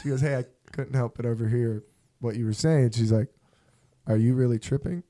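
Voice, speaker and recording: A young man casually telling a story, animated, swearing and laughing as he acts out the people in it. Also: medium pitch, brisk. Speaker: storyteller on a podcast.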